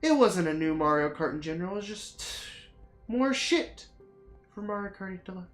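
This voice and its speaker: Streamer, casual chat over gameplay; profane, theatrical ranting, middle pitch; roomy echoey room. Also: lively intonation, normal speed, soft background music. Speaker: streamer chatting to viewers. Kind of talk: casual rambling chat while playing a game.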